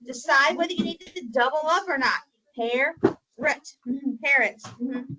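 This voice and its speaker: High-voiced woman teaching spelling. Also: unhurried, pushed and bright, rough recording. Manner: patient, coaxing, frequent mm-hmm. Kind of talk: spelling lesson. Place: classroom.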